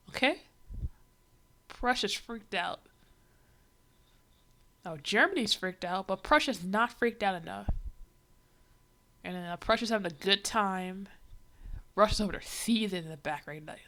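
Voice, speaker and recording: A woman's voice: medium pitch, a bit bright. A woman livestreaming, giving casual reaction commentary in an exasperated, ranting way.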